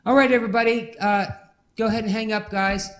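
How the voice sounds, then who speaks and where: A man's voice: high-pitched, fairly even intonation, fairly quick. A man hosting a casual, raunchy talk show in a campy way, calling people honey.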